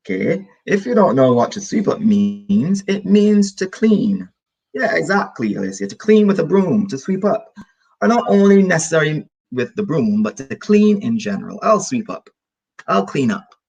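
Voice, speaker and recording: A man from the Caribbean teaching an online English lesson, lively and encouraging, repeating key phrases for his student. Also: medium pitch, vocal fry.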